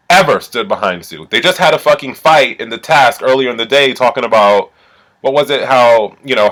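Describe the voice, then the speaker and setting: A man giving a casual, profane recap of a reality show as a vlogger, swinging from low mumbling to indignant outbursts. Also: a bit bright.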